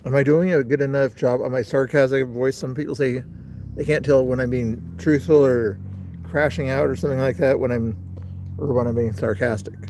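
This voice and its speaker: A man's voice: medium pitch, fairly even intonation, normal speed, a little mellow, a little hiss or hum. A middle-aged man hosting a casual livestream outdoors, rambling and talking straight to his chat. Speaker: livestream host.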